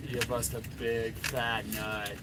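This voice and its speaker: A man's voice: medium pitch, level tone, slow pace, very noisy. A middle-aged man, a dating coach, giving a blunt, profanity-laden and rambling coaching rant.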